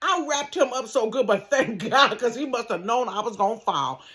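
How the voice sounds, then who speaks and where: A woman telling a funny personal story in a casual vlog from her bedroom, animated and laughing, acting out sounds. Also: on the high side, moderate pace. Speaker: storyteller vlogger.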